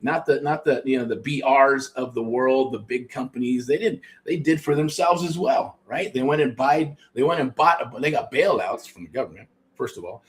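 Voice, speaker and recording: A middle-aged man from the United States hosting a show, talking casually and pitching a program, rambling with restarts and frequent swearing. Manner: rambling, profane, self-interrupting. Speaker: host. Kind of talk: casual promotional talk.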